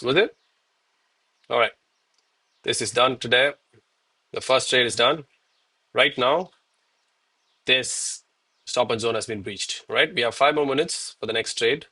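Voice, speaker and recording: A man in his thirties talking live to his viewers in a loose, chatty way, often calling them bro. His voice is bright and forceful, and he is a little winded from push-ups. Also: medium pitch, measured pace, pauses often, slightly rough. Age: 30s. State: out of breath between push-ups. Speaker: live trading streamer. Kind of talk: live-stream commentary and chat.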